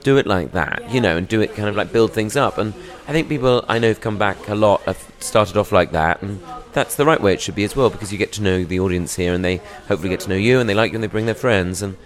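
A man's voice: on the low side, quick pace, hardly any pauses. A young British man, a touring stand-up comedian, chatting in a rambling, self-deprecating way in a podcast interview. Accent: British English. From England.

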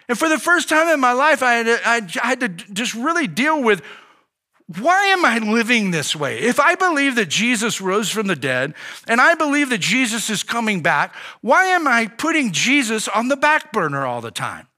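A man's voice: very high-pitched, big pitch swings, sharp tone. A man preaching a sermon as a pastor, telling his own story with many restarts and acting out dialogue with God. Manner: earnest, halting storytelling with many restarts and fillers; voices God and himself in quoted dialogue.

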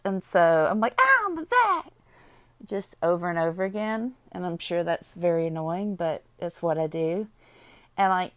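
A young woman, rambling in a casual confessional chat while high, laughing often and swearing freely. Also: clear, resonant tone, dry recording. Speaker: vlogger.

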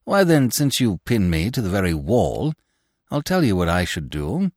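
A man voicing a clever young gentleman who answers with cool, unruffled irony. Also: low voice, very animated, normal speed, dry recording, clean studio sound, pitched above the performer's own voice. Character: clever young man, bland and quick-witted.

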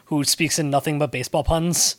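A young adult man co-hosting a casual chat, recapping scenes quickly with playful jokes. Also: on the high side, steady tone, a little hiss or hum. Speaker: podcast co-host.

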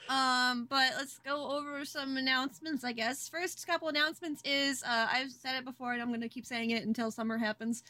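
Young woman, game master, high voice, bright tone, giggly, rambling. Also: steady tone, brisk, hardly any pauses. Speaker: game master and stream host. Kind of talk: casual stream intro.

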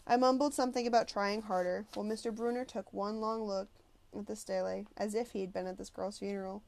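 A woman reads a novel aloud in the first person. Her storytelling is lively and expressive. Her voice sits at an everyday pitch. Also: a little fast, gravelly. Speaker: audiobook reader.

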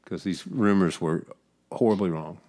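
A man's voice: low-pitched, normal speed, a little mellow. A man hosting a podcast in casual, teasing chat that rambles off topic. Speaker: podcast host.

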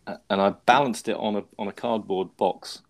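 A man's voice: lowish voice, fairly even intonation, moderate pace. A man hosting a podcast, telling a story in a rambling, self-mocking way with lots of restarts. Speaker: podcast host. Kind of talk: casual chat.

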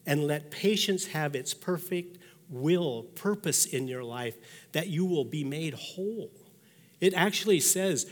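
A man's voice: on the high side, animated, slow. A man in his sixties, a pastor giving a sermon, telling personal stories in a folksy way and acting out the thoughts he quotes. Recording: long reverb of a large hall.

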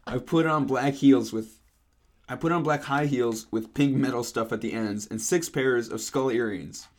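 A young man co-hosting a podcast, reading fan fiction aloud in a deadpan way. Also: mid-range voice, normal speed. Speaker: podcast co-host.

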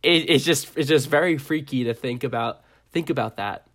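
A young man co-hosting a casual comedy podcast. He rambles from one absurd idea to the next and delivers it deadpan. His pitch sits in the ordinary middle range. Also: normal speed. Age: young adult. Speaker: podcast co-host.

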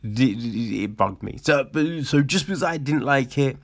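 A man's voice: mid-range voice, animated, normal speed, creaky. A man reviewing a TV show in a casual rant, exasperated and profane, often repeating himself for emphasis.

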